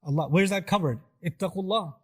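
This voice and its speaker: A man's voice: high-pitched, quick pace, husky. A middle-aged man giving a sermon, asking the audience rhetorical questions and acting out quoted voices. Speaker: preacher.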